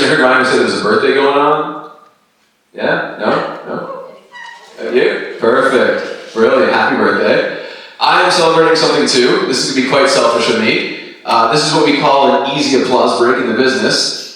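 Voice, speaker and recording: A man in his thirties performs stand-up with a bright, forceful voice, jumping between narration and quoted characters. He sounds set back from the mic, and the room rings heavily around him. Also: mid-range voice, a little fast. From Canada. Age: 30s. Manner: animated storytelling with quoted voices. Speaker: stand-up comedian. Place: comedy venue with live audience. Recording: roomy distant stage sound.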